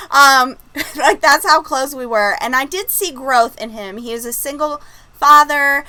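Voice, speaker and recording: A woman's voice: a little high, unhurried, sharp tone, no echo, low-quality recording. A woman, hosting a video-call chat and telling stories with a laugh. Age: 30s. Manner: chatty, laughing storyteller. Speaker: host. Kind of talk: casual livestream chat.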